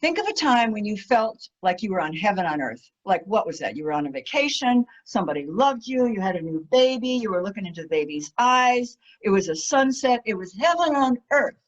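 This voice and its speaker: A woman giving an enthusiastic storytelling talk as a guest speaker, animated, laughing often, with many fillers. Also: medium pitch, brisk, hardly any pauses. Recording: muffled lo-fi audio.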